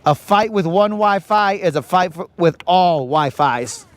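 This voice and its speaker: A man voicing a talking Wi-Fi router as a laid-back guy who drawls slowly. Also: sits high, animated. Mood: grave.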